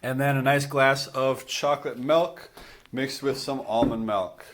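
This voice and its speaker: Relaxed male coach, easygoing vlog chat to his students, talks while eating. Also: mid-range voice, a little slow, background noise. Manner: relaxed and chatty, talks with his mouth full. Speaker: school gym coach. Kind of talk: casual cooking vlog to students.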